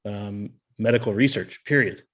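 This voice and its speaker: A man's voice: fairly low pitch, moderate pace. A man co-hosting a podcast, chatting casually and explaining research with frequent fillers. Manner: chatty, laughs often, explains with many fillers. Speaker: podcast co-host.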